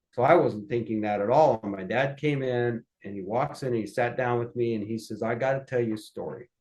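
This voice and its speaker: Male guest, mid-pitched, spins folksy family stories with lively energy. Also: low-quality recording. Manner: folksy, lively storyteller acting out voices. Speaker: podcast guest. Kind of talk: anecdotal storytelling.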